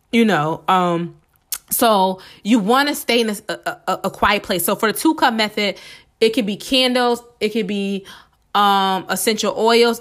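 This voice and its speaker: Fast-talking woman podcast host. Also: mid-range voice. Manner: fast-talking, excited, repeats steps. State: a little under the weather, slight sore throat. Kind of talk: casual motivational podcast talk.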